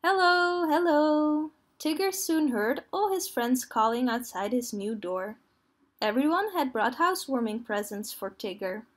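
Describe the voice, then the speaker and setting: A woman reading a children's story aloud in a gentle, clear read-aloud manner. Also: fairly high pitch, big pitch swings, unhurried.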